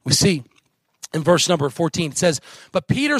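A middle-aged man preaching a sermon as guest pastor, animated and jokey, mimicking mockers in a put-on voice. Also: on the high side, moderate pace, no echo, studio quality. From United States.

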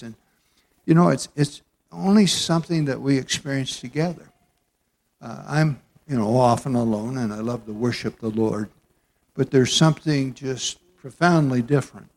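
A man's voice: mid-range voice, darkish tone. A man in his eighties from Southern California, preaching a folksy, chatty sermon in a church sanctuary with plenty of fillers. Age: 80s. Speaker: pastor.

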